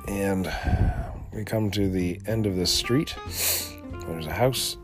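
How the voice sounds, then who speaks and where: Over background music, a podcast host speaks slowly in a low-pitched voice. His casual solo show is rambling and profane, with sentences he frequently starts over.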